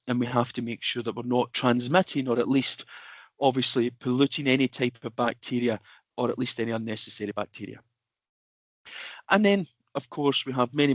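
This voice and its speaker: A man talks through a product on a webinar from his home office. He is chatty and informal, leaning on fillers as he explains. His voice sits at an ordinary pitch and sounds dry and close over a computer mic. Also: fairly bright tone, dry recording. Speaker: product presenter.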